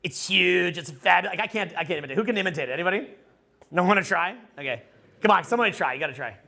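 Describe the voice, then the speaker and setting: A middle-aged man giving a casual, profane, rambling talk to a live audience as a social skills coach, loud and excitable. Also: sits high, rapid-fire.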